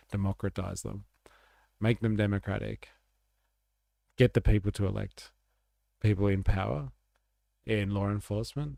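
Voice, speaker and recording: A man's voice: lowish voice, gravelly, dark tone, no echo. A man hosting a livestream, rambling through casual political commentary with sarcastic asides. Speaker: livestream host.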